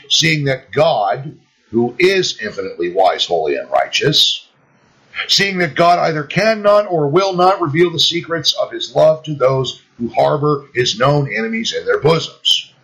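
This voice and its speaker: A man reads an old devotional text aloud at an unhurried, measured pace. His pitch rises and falls widely as he stresses each phrase, dropping low when he reads out a scripture reference. The delivery is deliberate and emphatic. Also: a bit bright, poor audio. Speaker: reader of a Puritan devotional text. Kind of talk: slow scripted devotional reading.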